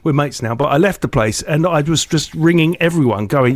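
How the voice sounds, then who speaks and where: A man's voice: medium pitch, fairly quick, few pauses, background noise. A man, a comedian hosting a podcast, telling stories with energy and tagging his lines with "right?". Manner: energetic, keeps saying "right?". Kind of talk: casual storytelling chat.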